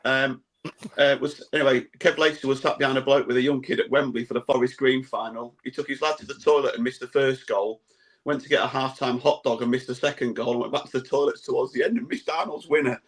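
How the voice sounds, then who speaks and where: Relaxed man reading listener comments. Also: mid-range voice, fast. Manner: relaxed, reads out listener comments with dry asides. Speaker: podcast host. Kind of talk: casual football chat.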